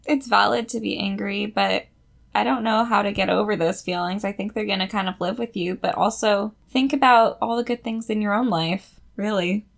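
A young adult woman co-hosting a podcast in casual chat, animated and swearing freely. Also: moderate pace, vocal fry. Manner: animated, swears, high shrieky rants when venting. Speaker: podcast co-host.

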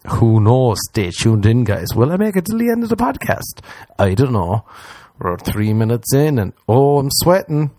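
An Irish man hosting a solo comedy podcast, rambling crudely and mocking himself, his voice leaping up in pitch for jokes. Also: sing-song, normal speed, warm tone, no room sound. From Ireland. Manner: crude, self-mocking rambling with sudden high-pitched jumps. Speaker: podcast host. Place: small room, alone.

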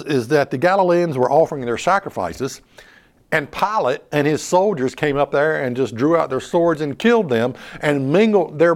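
A man preaching an earnest, emphatic sermon as the host of a religious show, stressing key words. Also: a little high. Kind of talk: televised sermon.

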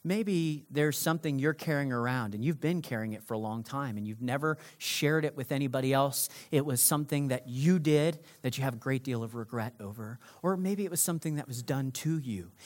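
A man preaching a sermon as pastor, swinging between loud emphasis and hushed, intimate delivery. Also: mid-range voice.

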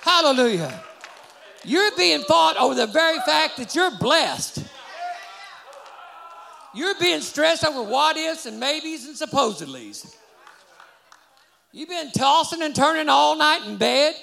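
Male preacher, very high gravelly voice, shouted call-and-response delivery. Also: animated, unhurried, pauses often, a faint crowd, slight background noise. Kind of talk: fiery sermon. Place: church service before a congregation. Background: congregation.

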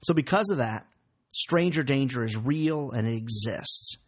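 A man in his forties, a sales coach giving an energetic, emphatic training talk full of rhetorical questions. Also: medium pitch, a little slow.

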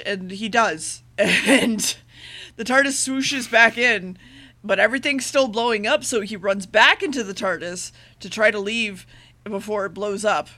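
A woman co-hosting a podcast, recapping an episode in a fast, rambling, profane casual chat. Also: mid-range voice, sharp tone. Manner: rambling, profane recap with loose paraphrased dialogue; rushes her words.

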